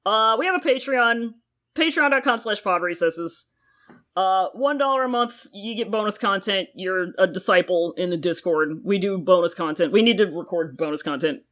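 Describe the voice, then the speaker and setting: A woman's voice: mid-range voice, lively intonation, normal speed, fairly bright tone. A woman co-hosting a casual podcast, firing off wry quips and swearing freely. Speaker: podcast co-host.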